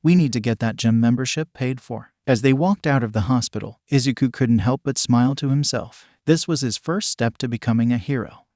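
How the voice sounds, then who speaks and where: A man narrating a fan fiction story in an even, steady reading. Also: mid-range voice, no echo, studio quality.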